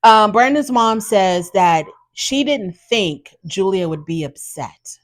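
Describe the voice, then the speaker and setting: A woman, hosting and giving opinionated, animated commentary on a show and acting out quotes in her own voice. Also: medium pitch, slow pace. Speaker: host recapping a reality show. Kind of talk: casual commentary.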